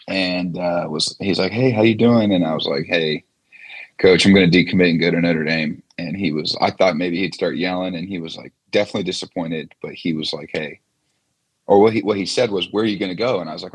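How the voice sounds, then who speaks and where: A man in his twenties, a former quarterback, telling stories as a guest in a casual interview, relaxed with many fillers. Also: low voice, slightly rough.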